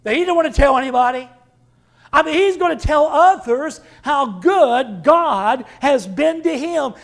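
A man preaching a sermon with dramatic swings from loud to hushed. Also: very high-pitched, gravelly. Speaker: pastor.

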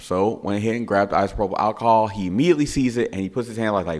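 A middle-aged man, a father, telling a family story in a casual, animated way and repeating words for effect. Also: on the low side, quick pace, few pauses. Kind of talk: casual spoken anecdote.

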